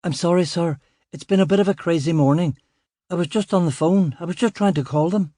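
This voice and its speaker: A man's voice: fairly high pitch, brisk, dark tone, no room sound, voice pushed up, close to an everyday voice. A man voicing a young, nervous male detective constable who is anxious, apologetic and close to tears. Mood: flustered.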